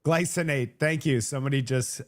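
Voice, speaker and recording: A man's voice: mid-range voice, brisk. A man from Canada whose first language is French, hosting a live stream in casual chat, rambling with many restarts and fillers. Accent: Vancouver French-Canadian. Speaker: host of a live show.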